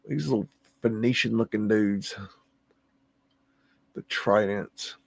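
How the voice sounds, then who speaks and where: Gravelly man musing over photos. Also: fairly low pitch, drawn-out words, no echo. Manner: musing, humming to himself, easily amazed. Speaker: livestream host. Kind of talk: casual commentary on photos.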